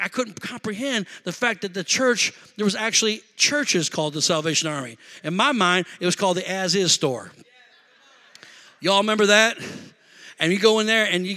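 A man preaches with a strikingly high and piercingly bright voice. He mixes call-and-response shouts with relaxed, conversational storytelling. The delivery is that of a pastor working a live congregation. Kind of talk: sermon.

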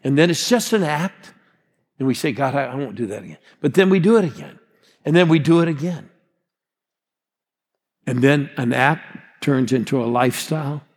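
A man's voice: mid-range voice, normal speed, long pauses. A man in his sixties preaching a sermon as a pastor, rousing and calling out to the congregation. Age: 60s. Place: large church hall. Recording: long hall reverb.

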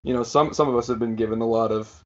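Relaxed man co-hosting a podcast. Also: medium pitch, quick pace, lo-fi sound. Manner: reflective, relaxed, many fillers. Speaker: podcast co-host. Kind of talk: casual chat.

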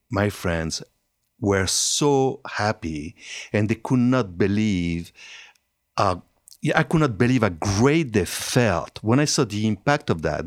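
A man in his seventies with a French accent, telling his story as a guest, chatty with halting restarts. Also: lowish voice, no room sound, clean studio sound. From France. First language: Italian and French. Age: 70s. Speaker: hairstylist guest. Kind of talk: conversational interview.

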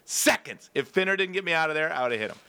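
A man hosting a podcast, telling a story in a casual, profane, animated way and acting out voices. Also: on the high side, fast, smooth. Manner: animated, profane, acts out voices in his stories. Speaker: podcast host.

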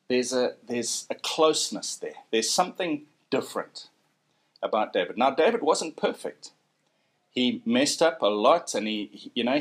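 A man preaching a sermon in a church, telling a story in a chatty, animated way with frequent tag questions. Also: fairly high pitch.

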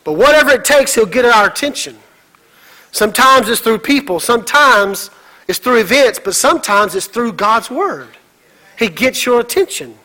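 Middle-aged man preaching, very high and forceful voice, animated delivery that acts out voices. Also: normal speed, rough recording. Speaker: pastor. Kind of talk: sermon.

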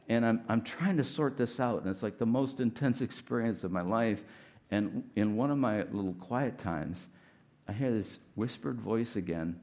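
A middle-aged man preaches as a guest speaker in a loose, conversational way. His voice sits fairly low, and he is candid and self-deprecating, leaning often on "like" and "you know". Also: expressive, moderate pace, darkish tone. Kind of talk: conversational sermon.

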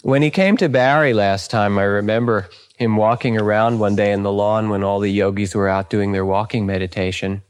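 A man's voice: fairly low pitch, steady tone, normal speed, hardly any pauses, clean tone. An older man, a meditation teacher, telling anecdotes in a dharma talk, often chuckling and saying "you know".

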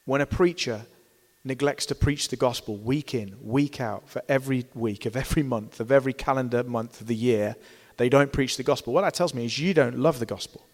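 A male preacher delivering a sermon with strong emphasis, swinging from loud, stressed phrases to soft, hushed ones. His voice sits at a middling pitch, and the long reverb of a church hall trails after every word. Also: a little fast.

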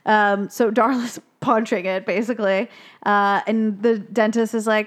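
A woman's voice: fairly even intonation, unhurried. Chatty young woman recapping a film. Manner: chatty, swears freely, acts out characters' lines in higher voices. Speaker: podcast co-host recapping a film. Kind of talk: casual chat.

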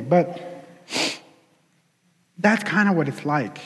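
A man preaching a sermon in a casual, animated storytelling way. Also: a little high, slow pace. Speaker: pastor. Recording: long hall reverb.

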